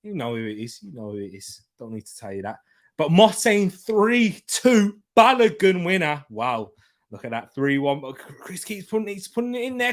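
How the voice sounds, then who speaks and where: A young man hosting a live football watchalong, chatting casually with lots of slang and shout-outs as he reads viewer comments. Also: a little high, very animated, normal speed. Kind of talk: live-stream chat, reading viewer comments.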